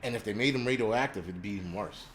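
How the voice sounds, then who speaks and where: A man's voice: fairly low pitch, fast talker, fairly bright tone, a little hiss or hum. Foul-mouthed man ranting on a livestream. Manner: crude, rambling, reacts to live chat. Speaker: livestream host. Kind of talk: profane ranting livestream chat.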